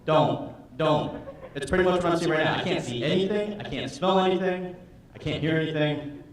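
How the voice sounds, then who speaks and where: A man in his twenties doing a stand-up comedy set, swinging between loud put-on voices and low mutters. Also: fairly quick. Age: 20s. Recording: echoey hall from far off.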